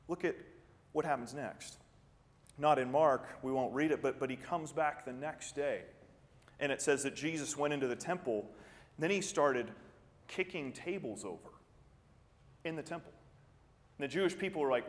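A man preaching a sermon as pastor, animated, acting out the voices of crowds and stumbling over repeated words when excited. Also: a little high, a little fast, long reverb tail. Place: church.

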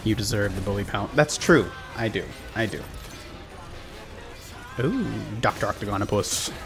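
A man's voice: lowish voice, expressive, moderate pace. A man swears and jokes his way through a game stream, his voice jumping animatedly up and down. He talks close to a desk mic while faint game music plays behind. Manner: profane, joking, talks to chat. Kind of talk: casual gameplay commentary.

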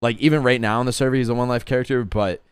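A man's voice: mid-range voice, fairly even intonation, rapid-fire, clean tone, no echo. A young man chatting casually as a guest, rambling with lots of fillers and casual swearing. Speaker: guest streamer. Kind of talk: casual chat about roleplay gaming.

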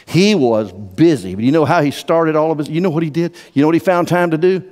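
A man preaching a sermon as pastor, emphatic and swinging from hushed to loud. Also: fairly high pitch, brisk. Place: church sanctuary. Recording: long church-hall reverb.

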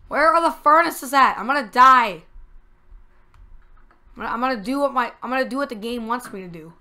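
A woman's voice: a little high, fairly quick. A woman giving casual let's-play commentary from a home setup, talking to the game and bursting into squeals and groans. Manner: excitable, talks to the game, sudden squeals and groans. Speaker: gameplay commentator.

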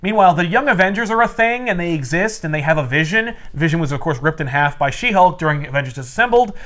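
Comic podcast host, man, lively storyteller, slightly high pitch, jumps into character voices. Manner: animated storyteller, acts out characters in quick voices. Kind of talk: casual chat recapping a comic.

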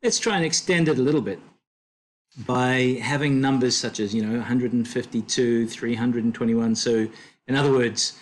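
A man tutoring a language lesson, explaining slowly and patiently with fillers and self-corrections. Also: medium pitch.

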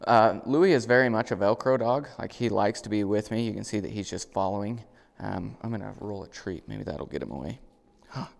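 A man's voice: brisk, vocal fry, big-room sound. A man demonstrating dog training indoors, explaining casually and calling out upbeat commands to his dog. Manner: relaxed explaining, bursts into high, loud, upbeat dog commands. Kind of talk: casual instructional talk. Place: indoors in a house.

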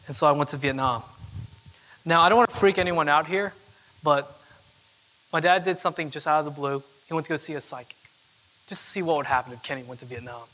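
A young man tells a personal story onstage in a loose, chatty way, leaning on fillers as he goes. His voice sits a bit high and sounds bright and forward. The sound carries a long hall echo. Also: fast talker, long pauses. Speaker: keynote speaker. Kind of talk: storytelling talk. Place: event hall with audience.

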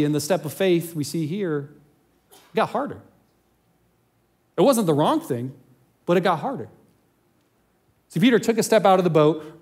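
A pastor preaching to his congregation, a man whose voice sits a little higher than most. He retells the story in a relaxed, conversational way, dropping in asides and small chuckles. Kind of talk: sermon.

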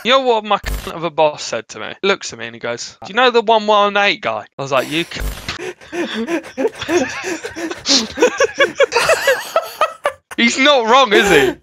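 A man's voice: sits high, huge pitch swings, slow pace, pauses often. A young man in a game voice chat, telling raucous crude stories and cackling. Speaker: gamer in voice chat. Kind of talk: crude banter among friends. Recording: headset mic with clicking noise.

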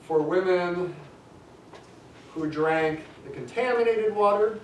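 Guy lecturing a class, a bit high voice, far from the mic in an echoey room, faint hum. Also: slow pace. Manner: conversational, thinks aloud with restarts, tells asides. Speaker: statistics lecturer. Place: lecture hall.

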